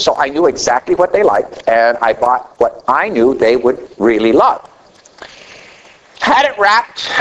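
A middle-aged man preaching a sermon, telling a story with animated delivery that swings between loud emphasis and quiet asides. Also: low-quality recording. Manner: animated storytelling preacher, rising to a near shout then dropping low.

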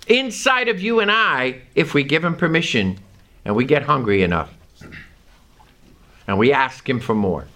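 A male preacher with a high, bright voice that swoops up and down, delivering a sermon. He takes his time, leaning hard on single words and stretching out phrases for emphasis.

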